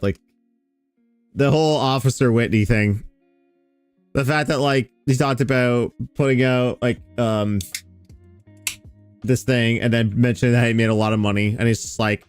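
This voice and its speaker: Male host, mid pitch, laid-back sardonic commentary, faint music underneath. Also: normal speed, smooth. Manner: relaxed, rambling, sardonic with fillers. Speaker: host reacting to clips. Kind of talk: casual commentary over clips.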